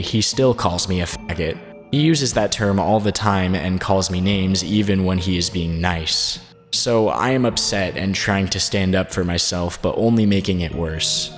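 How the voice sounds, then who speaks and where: A man narrating a documentary, reading a first-person written statement aloud in a steady, measured way. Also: low-pitched. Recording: long reverb, faint background music.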